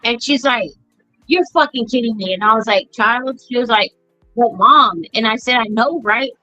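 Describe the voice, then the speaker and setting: A woman's voice: fairly high pitch, normal speed, bright, forceful tone, dry recording, soft background music. A middle-aged woman hosting a podcast, telling family stories bluntly with plenty of swearing. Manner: blunt, profane storytelling. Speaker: podcast host. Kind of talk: casual chat. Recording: dull lo-fi sound.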